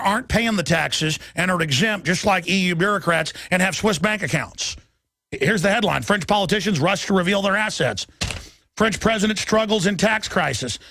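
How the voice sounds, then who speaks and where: Gravelly, high-pitched ranting man. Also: no echo. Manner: impassioned, shouting, rapid-fire ranting. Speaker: talk radio host. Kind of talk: ranting political talk show.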